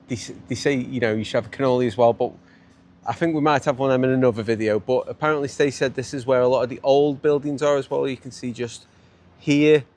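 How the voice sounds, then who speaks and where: A man from England with a Stoke-on-Trent accent vlogs his travels outdoors on city streets, chatting, joking and laughing often. His voice is mid-range and darkish.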